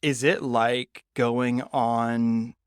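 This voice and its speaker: A young man co-hosts a relaxed podcast, cracking jokes and tossing in quick asides. His voice sits in a middle range. It is recorded close and dry. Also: mid-range voice, clean tone, no room sound. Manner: joking, quick asides, laughs often. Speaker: podcast co-host. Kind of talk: casual chat.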